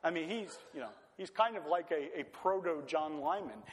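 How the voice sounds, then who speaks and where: A man preaching a sermon in a lively, conversational way, full of rhetorical questions. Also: on the high side, normal speed, slightly rough. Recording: long hall reverb.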